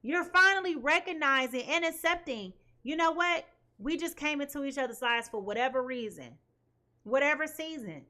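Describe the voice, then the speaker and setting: Woman, high voice, bright tone, emphatic tarot reading, checks in with viewers. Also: animated, moderate pace. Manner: emphatic, keeps asking "okay?". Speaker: tarot reader.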